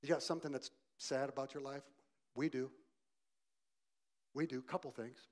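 A male pastor preaching a sermon, swinging from loud emphasis to quiet softness and asking the congregation direct questions. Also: mid-range voice.

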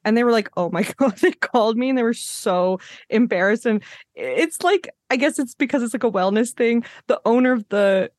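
A woman hosting a casual podcast chat, telling animated stories and acting out what people said, often laughing as she goes. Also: a little high, moderate pace, no room sound, studio quality. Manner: animated storyteller, acts out quotes with laughs. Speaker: podcast host.

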